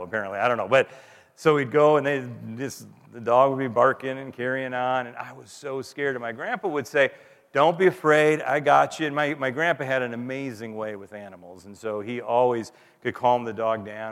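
A man in his fifties preaches a sermon and closes in prayer, telling his story earnestly and often repeating himself. His voice is gravelly and sits at an ordinary pitch. A long reverb trails each phrase, as in a church sanctuary. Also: fairly bright tone. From United States. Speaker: pastor.

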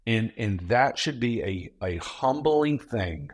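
A man in his thirties, a pastor guest on a podcast, telling stories in a lively casual way and acting out quoted lines. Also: mid-range voice, slow. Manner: animated storyteller, acts out quotes.

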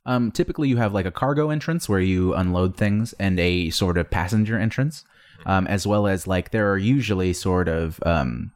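Deep-voiced game master, hesitant narration. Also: male voice, normal speed. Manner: hesitant narration with many fillers.

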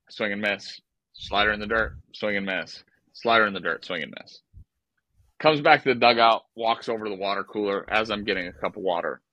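A lower-pitched man with a bright, forceful tone tells stories on a podcast in a profane, exasperated style. The mic is close and the sound is dry. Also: no room sound, rough recording. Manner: animated, profane, exasperated storytelling. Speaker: podcast co-host, former baseball player. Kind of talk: casual podcast storytelling.

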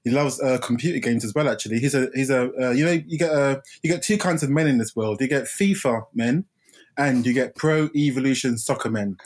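Guy, podcast co-host, easygoing, chuckles a lot, slightly worn out, mid-pitched voice. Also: a little fast. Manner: laid-back, laughs often, repeats phrases. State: tired after the gym. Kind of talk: casual film podcast chat.

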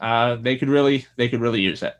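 A man's voice: mid-range voice, quick pace. A man co-hosting a podcast in casual chat, trading easygoing banter and dry quips. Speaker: podcast co-host.

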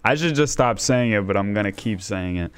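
A young man hosting a casual podcast, talking in a relaxed, halting way and repeating words. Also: fairly low pitch, clean tone. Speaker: podcast host. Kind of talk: casual chat.

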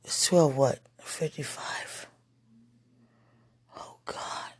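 Overwhelmed man pleading in breathy whispers. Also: on the high side, fairly even intonation, extremely slow. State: emotional, near tears. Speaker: vlogger. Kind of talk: emotional late-night vlog.

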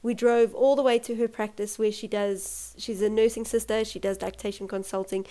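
A woman's voice: medium pitch, level tone, normal speed, dark tone. A young adult woman telling her own birth story in an emotional, personal way, laughing often and acting out what others said. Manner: emotional, laughs often, acts out quoted voices.

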